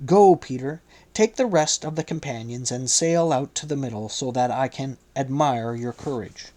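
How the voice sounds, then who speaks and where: A man voicing a gentle but authoritative teacher who gives firm commands in an audiobook reading. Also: mid-range voice, moderate pace, lightly acted. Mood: commanding.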